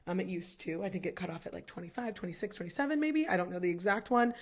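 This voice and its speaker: A woman's voice: lowish voice, expressive, fast talker. A young woman co-hosting a podcast, talking casually and filling her speech with "like" and "um". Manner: chatty, fills speech with "like" and "um". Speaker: podcast co-host. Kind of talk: casual chat.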